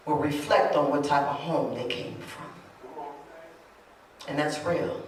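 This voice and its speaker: A woman preacher, moving between loud shouted preaching and low, confiding talk in a sermon. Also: measured pace, pauses often. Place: church. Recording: echoey church hall, distant mic.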